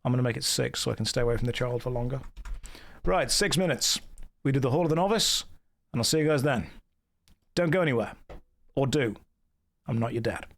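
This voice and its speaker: A young man giving casual live commentary on a game he is streaming, with dry, sarcastic running jokes, talking from a warm indoor room. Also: medium pitch, brisk, gravelly, long pauses.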